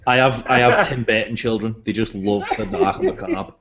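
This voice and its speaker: A man's voice: on the low side, fairly quick, a bit bright. A man hosting a casual video-call show, telling jokey stories in a chatty way. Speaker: podcast host. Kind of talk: casual chat. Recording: slightly muffled call audio.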